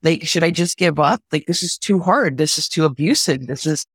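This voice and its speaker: A woman from Southern California, a conductor, telling a personal story in an interview, earnest and halting, repeating words when moved. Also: sits low, husky, no room sound. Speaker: guest, orchestra conductor.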